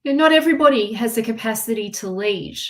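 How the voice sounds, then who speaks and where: A woman giving a live tarot reading, soft and reassuring, often repeating her phrases. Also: a little high, expressive, fast talker. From Australia. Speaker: tarot reader.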